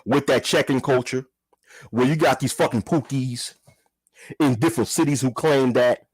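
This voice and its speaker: A man's voice: mid-range voice, moderate pace, husky, dry recording. A man giving a heated, profane commentary rant, repeating himself and firing rhetorical questions. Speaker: commentary vlogger. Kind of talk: ranting commentary.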